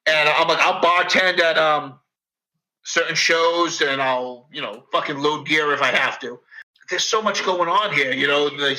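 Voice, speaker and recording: A man's voice: fairly high pitch, normal speed, rough recording. Profane, rambling man with a Boston accent. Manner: profane, rambling, animated storyteller. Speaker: podcast guest. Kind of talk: casual chat.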